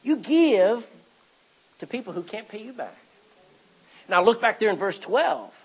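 A man's voice: high voice, very animated, unhurried, slightly rough, low-quality recording. A man preaching a sermon as pastor, reading scripture aloud and calling out for amens from the congregation.

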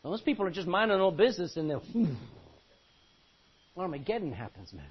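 A man preaching a sermon with animated delivery, swinging from quiet to loud. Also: high-pitched, fairly quick, breathy edge, dull audio.

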